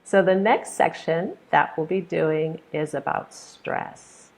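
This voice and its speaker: An American woman teaching an online English pronunciation lesson, patiently repeating example words with clear emphasis. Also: low voice, slow pace, a little mellow.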